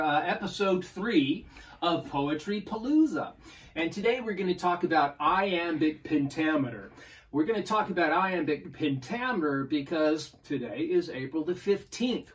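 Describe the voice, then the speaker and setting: A man, a poet, giving a playful home video lesson on poetry and chanting rhythms aloud in an animated way. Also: fairly high pitch, far from the mic.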